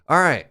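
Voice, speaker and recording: Man, game streamer, casual chat, animated self-mocking storytelling, faint background music.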